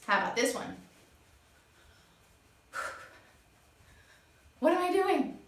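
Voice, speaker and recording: A woman teaching young children, acting out each word she explains in a slow, animated way. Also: sits high, vocal fry. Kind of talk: children's lesson. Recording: echoey room.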